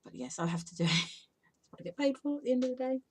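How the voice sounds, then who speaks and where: A woman's voice: high voice, lively intonation, rapid-fire, slightly rough. A tired woman, chatting casually to camera in an unscripted home vlog, rambling and sometimes dropping to a whisper. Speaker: vlogger and podcaster.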